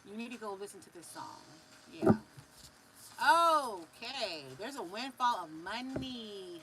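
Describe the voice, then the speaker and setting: A Californian woman giving a live spiritual reading in a loose, animated way, drawing words out, humming and affirming between messages. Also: on the high side, unhurried, noisy background. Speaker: spiritual reader.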